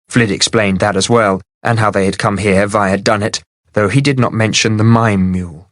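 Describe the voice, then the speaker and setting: A male audiobook narrator reading a fantasy novel in a measured, even way. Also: lowish voice, dry recording, clean studio sound. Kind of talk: scripted narration.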